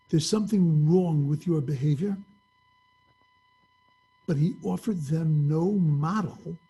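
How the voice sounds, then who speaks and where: A man with a fairly high voice teaches a class over a video call. His voice is mellow and husky, and he tells stories with acted-out dialogue in a conversational way.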